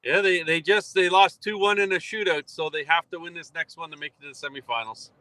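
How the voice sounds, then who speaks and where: A man's voice: a little high, brisk, pushed and bright, no room sound. A man calling in live as a contributor, giving laid-back, joking replies. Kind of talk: casual live chat.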